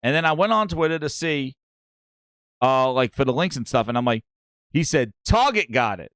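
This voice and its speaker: A man's voice: mid-range voice, moderate pace, clean tone, no room sound, clean studio sound. A middle-aged man with a New York accent hosting a casual gaming livestream, hyping and thanking viewers and telling rambling stories. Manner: excitable, hypes and thanks viewers, rambling storytelling. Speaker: gaming show host.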